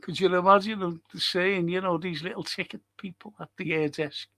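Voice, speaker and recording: An older man from Liverpool with a strong Scouse accent hosts a casual live-stream chat. His voice sits high, and he rants with passion, jumping between loud bursts and low mutters as he reads out viewer messages. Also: fairly even intonation, moderate pace, hardly any pauses. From Liverpool, England. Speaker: podcast host reading chat.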